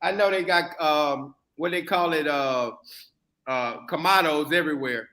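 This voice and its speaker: A man with a New York accent hosts a live stream in a bright, edgy voice. He teases his guests and jokes with them. His voice sits fairly high. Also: unhurried. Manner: teasing, joking. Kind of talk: casual live-stream chat.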